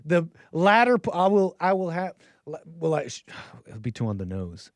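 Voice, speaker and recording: A man's voice: fairly high pitch, sing-song, moderate pace, no echo. A man hosting a call-in stream in casual commentary, rambling and joking, often laughing mid-sentence. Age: adult with a child. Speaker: call-in show host.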